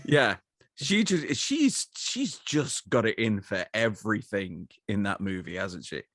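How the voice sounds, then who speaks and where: Lowish-voiced joking man on a podcast. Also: big pitch swings, unhurried, fairly bright tone, dry recording, clean studio sound. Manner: hesitant fillers, jokey, acts out quotes. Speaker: podcast co-host. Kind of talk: casual comedic movie chat.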